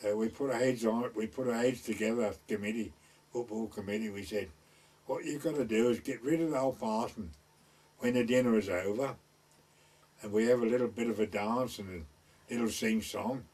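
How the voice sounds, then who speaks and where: A fairly low, husky, slightly mellow voice belongs to an older East Anglian storyteller with a North Essex / West Suffolk border dialect. Talking a little fast, he rambles through village stories for an oral-history recording, taking on the voices of the people he quotes, far from the mic.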